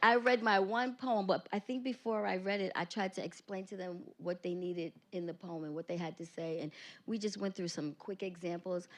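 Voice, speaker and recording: A woman's voice: fairly low pitch, fairly even intonation, moderate pace. A woman, a teacher, reads her own poem with rhythmic emphasis at a school board meeting, then introduces student poets. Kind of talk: poetry reading and meeting remarks.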